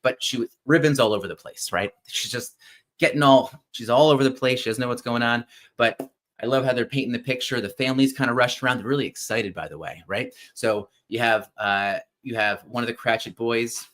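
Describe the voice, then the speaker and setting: Animated man retelling a story. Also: medium pitch, brisk. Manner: animated, keeps checking in with listeners with "right?"; thinks aloud with fillers and restarts. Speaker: podcast host. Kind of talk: casual retelling of a classic story.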